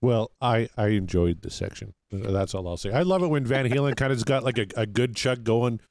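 A man's voice: mid-range voice, a little fast, darkish tone, dry recording, clean studio sound. A man hosting a music podcast, talking casually with jokes and crude asides. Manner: easygoing, joking, crude asides. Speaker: podcast host.

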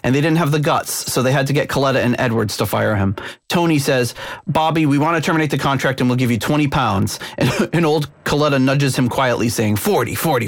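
A man's voice: mid-range voice, no room sound. A middle-aged man hosting a chatty music-history podcast. He reads long passages aloud, stumbling over fillers and breaking into laughs. His voice sounds close and dry, with no room behind it. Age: middle-aged or older. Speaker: podcast host. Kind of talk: casual chat, reading band history aloud.

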